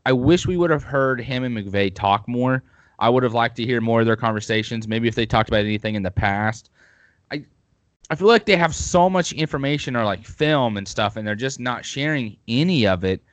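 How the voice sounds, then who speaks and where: A man's voice: mid-range voice, a bit bright, no room sound. A man hosting a podcast, chatting casually and at length about football with opinionated rambling. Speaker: podcast host.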